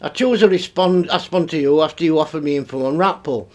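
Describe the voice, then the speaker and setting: A man's voice: fairly high pitch, fast, darkish tone. A middle-aged man, ranting through a commentary vlog, swearing freely and exasperated. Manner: sweary, exasperated, laughs between remarks. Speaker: YouTube commentary host.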